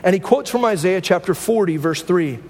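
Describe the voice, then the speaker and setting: A man's voice: high voice, animated, normal speed, darkish tone, big-room sound. A man pastor preaching a conversational sermon to his church, often asking "right?" to the congregation. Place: church sanctuary.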